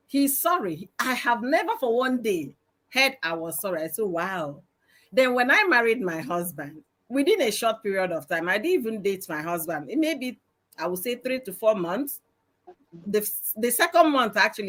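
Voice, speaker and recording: A middle-aged woman with a Nigerian accent, telling stories loudly and with emphasis on a live-streamed panel discussion. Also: medium pitch. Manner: loud, emphatic, storytelling. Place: live stream video call.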